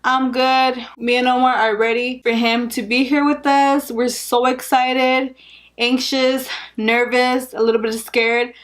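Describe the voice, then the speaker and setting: A young woman, heavily pregnant, talks straight to her viewers in a casual update. Her voice sits a little on the high side, and she rambles candidly, often breaking into laughs. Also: flat delivery, a little slow. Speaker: vlogger.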